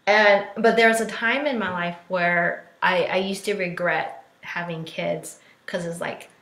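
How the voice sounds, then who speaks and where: A woman's voice: on the low side, fairly even intonation, measured pace, a bit bright. A woman in her thirties, a life coach, talking candidly on a live stream, chatty and full of fillers, acting out what others said. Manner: candid, chatty, many fillers, acts out quotes. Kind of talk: casual live-stream talk. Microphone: phone or laptop for a live stream. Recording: roomy echo.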